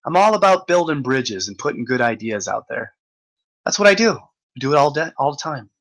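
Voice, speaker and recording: A man's voice: medium pitch, sing-song, a little fast, fairly bright tone, rough recording. A man hosting a casual livestream, rambling and joking, swearing often and laughing as he reads out chat comments.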